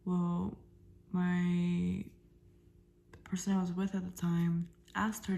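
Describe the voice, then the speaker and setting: Young woman vlogger, low gravelly voice, halting storytime chat with soft whispered bits. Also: fairly even intonation. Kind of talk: casual storytime monologue.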